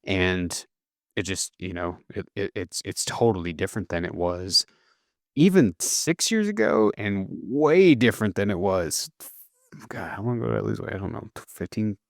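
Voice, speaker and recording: A man's voice: deep voice, sing-song, moderate pace, no room sound, studio quality. A man in his thirties, a nutrition coach, talking reflectively on a podcast with many restarts and fillers. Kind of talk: casual podcast chat.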